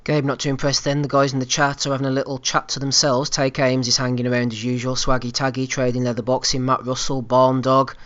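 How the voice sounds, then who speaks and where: A man's voice: mid-range voice, level tone, fast, hardly any pauses, a bit bright. A man hosting a casual podcast, chatty and teasing as he greets listeners and moves the talk along. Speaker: podcast host. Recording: muffled online call audio.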